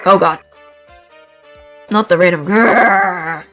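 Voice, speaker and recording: A woman's voice: fairly low pitch, slow, over music. A woman streamer chatting and reacting as she plays a courtroom game. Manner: chatty, giggly, lively. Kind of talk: live gameplay commentary.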